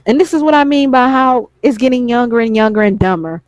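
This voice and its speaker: A woman's voice: a little high, a little fast, hardly any pauses, no room sound. A woman gaming YouTuber in a heated, profane ranting vlog, who keeps repeating lines for emphasis.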